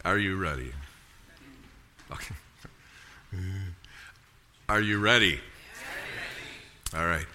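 A man's voice: low voice, lively intonation, slow, long pauses, pushed and bright, a little hiss or hum. A middle-aged man preaching a sermon, emphatic, often repeating and restarting words and calling for amens. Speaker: pastor.

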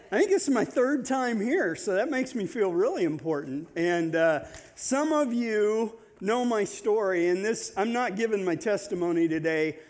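A man with a notably high voice, originally from Nebraska, addressing a church congregation as a visiting pastor. His talk is loose and conversational, full of joking asides and self-deprecating remarks. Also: a little mellow. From Nebraska, USA. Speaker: guest pastor. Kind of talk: informal sermon opening, personal storytelling.

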